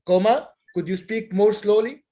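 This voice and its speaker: A man's voice: high-pitched, moderate pace, mellow. A man with an Egyptian accent teaching an online English class, patiently repeating and drilling example sentences. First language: Egyptian Arabic. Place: online class over video call.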